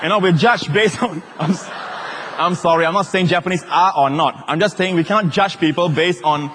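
A pastor preaching a sermon, joking with the congregation and acting out quotes. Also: male voice, high voice, a little fast, background noise. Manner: animated, joking, acts out quotes. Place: large church hall. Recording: long reverb of a large hall.

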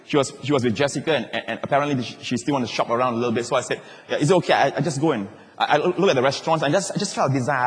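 A male pastor preaches in a lively, storytelling way, slipping into the voices of the people in his stories. His voice sits at an ordinary middle pitch, and a long reverb trails behind him as it would in a big church hall. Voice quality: animated, acts out quoted voices, laughs as he talks. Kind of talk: sermon with personal storytelling.

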